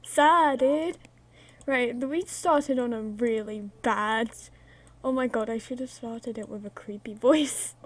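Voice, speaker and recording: A fairly high-voiced woman chats to camera as a vlog host. She tells a ghost story in a loose, rambling way, full of "like"s. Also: slow. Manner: chatty, rambling storytelling with many "like"s. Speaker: YouTube host.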